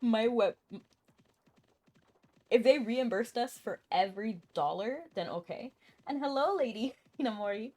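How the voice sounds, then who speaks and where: A woman's voice: a little high, lively intonation, unhurried, long pauses, a little mellow. A woman live-streaming a game, chatting casually and answering her chat, with a cough now and then.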